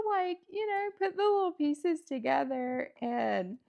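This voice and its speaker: A woman's voice: high-pitched, big pitch swings, a little slow, creaky, darkish tone. A woman at home chatting casually while building a toy kit, rambling with lots of fillers and self-talk, laughing often. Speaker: host.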